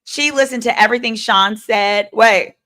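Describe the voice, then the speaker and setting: Speaking at a normal pace in a slightly high voice, a lawyer hosts a live stream where she delivers lively, sassy commentary on legal matters straight to her audience.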